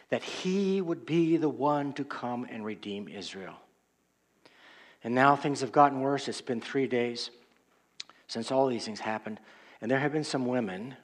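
A male pastor preaching an expository sermon in a conversational, reflective manner. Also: medium pitch.

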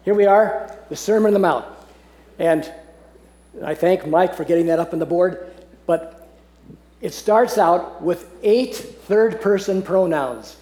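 A man teaching a Bible passage to a group, earnest and often laughing, slowing down to read verses aloud. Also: high voice, warm tone. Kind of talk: teaching talk on scripture. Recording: echoey room.

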